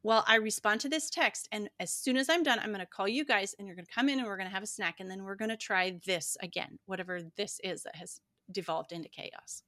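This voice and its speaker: A woman co-hosting a podcast, explaining things in a calm, thoughtful way. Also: mid-range voice, quick pace, few pauses, dry recording, clean studio sound. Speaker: podcast co-host. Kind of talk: casual chat.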